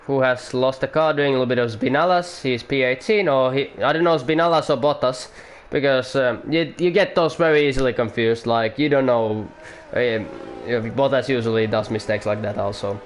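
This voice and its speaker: A man giving casual, rambling commentary on an online racing league, excitable and full of fillers. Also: medium pitch, brisk, a little hiss or hum.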